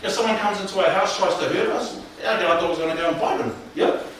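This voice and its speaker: New male workshop presenter, slightly high voice, chatty and animated, distant mic in an echoing room with faint hiss. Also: quick pace. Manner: animated, colloquial, asks the audience questions. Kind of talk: mental health workshop talk. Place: room with live audience.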